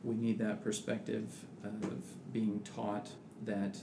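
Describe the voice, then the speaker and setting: A man's voice: on the low side, monotone, slow pace. A man in casual religious discussion who talks thoughtfully with many restarts and reads scripture aloud. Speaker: podcast co-host. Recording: echoey room with background noise.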